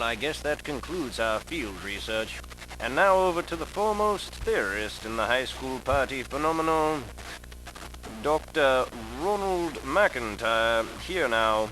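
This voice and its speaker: A man narrates a mock-serious documentary, dry and pompous like an academic. His pitch moves in a lively way from line to line, and a steady noise sits under the voice. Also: poor audio.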